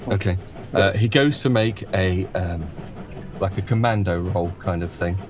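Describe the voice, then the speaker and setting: A man narrating as game master in a tabletop game, halting and full of restarts. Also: low voice. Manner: halting, lots of fillers and restarts.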